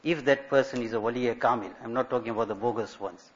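Preacher, dull lo-fi recording. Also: male voice, medium pitch, fast. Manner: storytelling, rhetorical questions, Arabic religious terms. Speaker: Islamic scholar giving a talk. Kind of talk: sermon.

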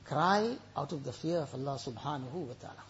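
A man's voice: fairly high pitch, animated, a little fast, dull audio, a little hiss or hum. A man preaching a sermon with emotion, telling stories and reciting Arabic verses.

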